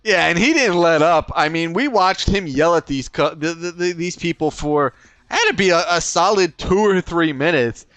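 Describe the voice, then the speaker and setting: A man's voice: on the high side, moderate pace, a bit bright, clean tone, dry recording. A man co-hosting a podcast, telling stories in casual chat, swearing now and then and restarting his sentences. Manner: storytelling, profane, many restarts. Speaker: podcast co-host.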